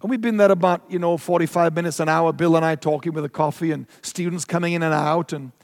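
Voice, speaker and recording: A man preaching a storytelling sermon, animated and emphatic, acting out his own reactions. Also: a little high, fast talker, big-room sound.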